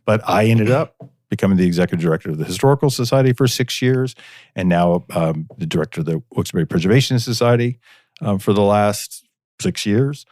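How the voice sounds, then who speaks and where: A man with a fairly low voice tells stories about his hometown in a loose, chatty way, often pausing on fillers. He is recorded close to the mic with no room sound. He comes across as a podcast guest explaining things at length. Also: lively intonation, a little mellow, no room sound. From northeastern Pennsylvania, US. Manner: storytelling, chatty, with frequent fillers. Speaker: guest, preservation society director. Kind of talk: casual podcast interview.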